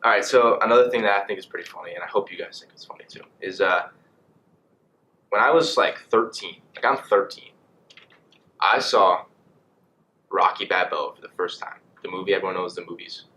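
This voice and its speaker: A young man in college vlogging casually, rambling and animated with lots of fillers. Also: low voice, a little fast. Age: young adult. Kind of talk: casual monologue to camera.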